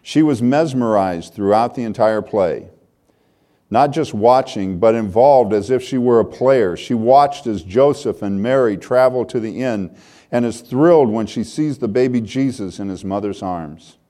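A man's voice: medium pitch, unhurried, warm tone. An older man preaching a sermon, reading a story aloud in an earnest, heartfelt way.

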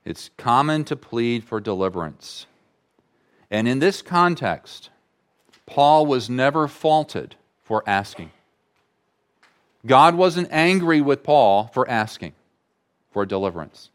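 A man delivers a sermon at an unhurried, measured pace. He leans on repetition to drive his points home, and his voice sits in a middle register. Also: mid-range voice, very animated. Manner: slow, deliberate preaching with emphatic repetition. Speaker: pastor.

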